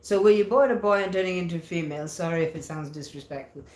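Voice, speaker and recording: Woman, livestream chat, low-ish voice, playful and chatty, roomy echo. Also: fast, darkish tone. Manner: chatty and playful, reads comments aloud and answers them. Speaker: livestreamer reading viewer comments.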